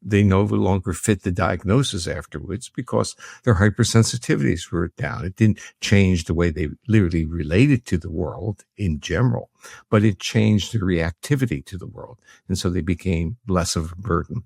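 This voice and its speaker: An older man with a very low, deep voice talks through his research in a measured, academic way. The sound is dry and close, with no room around it. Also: gravelly, a little mellow, husky, dry recording. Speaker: guest, researcher. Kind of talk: explanatory interview talk.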